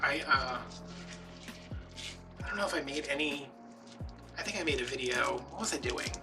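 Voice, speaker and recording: A man's voice: medium pitch, lively intonation, moderate pace. A man hosting a DIY wreath-making vlog, telling rambling, chatty stories with lots of fillers while he crafts. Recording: distant mic with background music.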